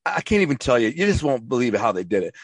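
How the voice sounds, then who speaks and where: Fast-talking streetwise storyteller, man. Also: mid-range voice, sing-song, breathy edge, no echo. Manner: rapid, rambling, profane storytelling with many restarts and acted-out quotes. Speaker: interview guest, former mob associate and author. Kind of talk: casual storytelling interview.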